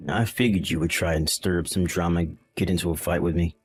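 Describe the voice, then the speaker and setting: A man's voice: low voice, steady tone, fast, slightly rough, faint music behind. A man voicing a callous young husband in a text-message drama, irritated and condescending. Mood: dismissive.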